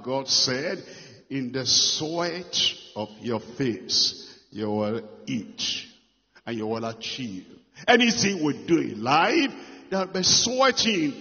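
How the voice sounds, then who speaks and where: A man preaching a sermon, stressing and repeating phrases, moving between loud lines and hushed ones. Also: on the high side, breathy edge. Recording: muffled long hall reverb.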